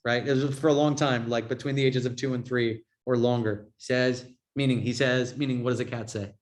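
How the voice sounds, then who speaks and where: A man's voice: medium pitch, fairly even intonation, fairly quick. A man teaching a yoga and Buddhism class in a casual, chatty way, often checking in with "right?". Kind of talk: informal class talk.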